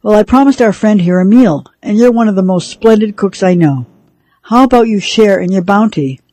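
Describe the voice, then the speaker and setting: A woman's voice: medium pitch, moderate pace, warm tone, no room sound, lightly acted. A woman reading the lines of a pushy young man who coaxes and wheedles. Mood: coaxing.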